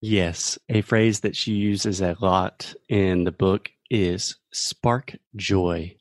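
A man's voice: low-pitched, steady tone, slow, no room sound, studio quality. A man, co-hosting a casual podcast chat and patiently explaining English pronunciation. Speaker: co-host teaching English.

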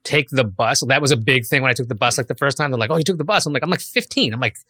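A man's voice: medium pitch, fast, breathy edge, no echo. A middle-aged man with a New York accent, chatting as a guest in an interview and acting out little scenes of dialogue. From Queens, New York. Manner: animated, acts out dialogue in quoted voices. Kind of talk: casual interview chat.

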